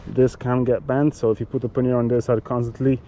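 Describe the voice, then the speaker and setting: A man casually demonstrates cycling gear, speaking haltingly with many fillers and restarts. His voice is medium-pitched, level, and mellow, though the recording is rough.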